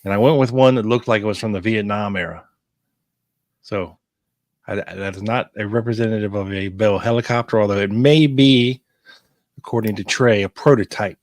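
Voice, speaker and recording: A man with a fairly low voice jumps into casual podcast banter with dry, teasing remarks. His sound is close and dead, with no room echo. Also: moderate pace. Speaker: podcast co-host.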